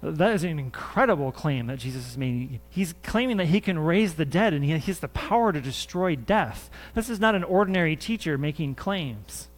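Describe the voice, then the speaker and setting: A man's voice: on the high side, animated, normal speed, hardly any pauses. A man preaching a sermon in church as pastor, earnest and conversational, often repeating his phrases. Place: church sanctuary.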